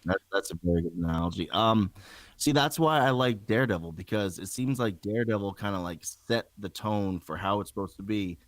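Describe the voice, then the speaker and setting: Chill low-voiced guy hosting a podcast, cusses, jokes around. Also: brisk, dry recording, low-quality recording. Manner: relaxed, profane, joking. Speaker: podcast host. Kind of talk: casual podcast chat.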